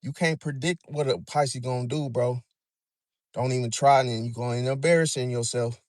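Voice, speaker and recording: A man's voice: medium pitch, steady tone, a little fast, a little mellow, no room sound. A man talks in a loose, casual monologue with a mid-range voice. He is slangy and repetitive and keeps calling the listener bro. The sound is close and dry. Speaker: astrology commentator.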